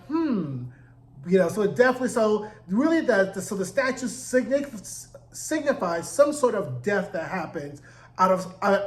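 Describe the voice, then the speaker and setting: A man's voice: sits high, roomy sound, low-quality recording. A man giving a casual recap of a TV episode, sassy and profane with chatty asides. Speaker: TV recap reviewer.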